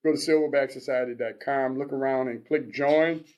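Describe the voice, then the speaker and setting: Radio host guy in his 60s, slow and halting, keeps restarting sentences, mid-pitched voice. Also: fairly even intonation, a little mellow. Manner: unhurried, halting, with repeated restarts. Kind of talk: casual radio talk.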